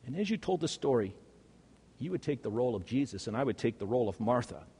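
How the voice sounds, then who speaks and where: A man preaching an earnest first-person monologue, swinging between hushed and loud passages. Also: mid-range voice, sing-song, fast talker, slightly rough, in a large hall.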